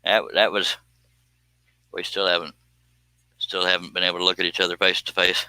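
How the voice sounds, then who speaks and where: Folksy low-voiced man. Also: level tone, moderate pace, pushed and bright, clear, resonant tone, no echo. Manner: folksy, joking, reads viewer comments aloud. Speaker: woodworking livestream host. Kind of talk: casual live stream chat.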